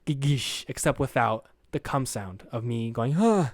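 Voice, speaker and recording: Brief: young male solo podcaster, dry close sound, mid-pitched, crude and rambling. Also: moderate pace, dry recording. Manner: rambling, crude, self-deprecating, jokey. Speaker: podcast host.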